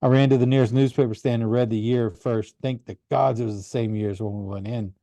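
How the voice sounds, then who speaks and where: A man narrating a first-person story with an earnest, animated delivery. His voice is dark and mellow, recorded close in a dry room with no echo. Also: medium pitch, brisk. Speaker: audiobook reader.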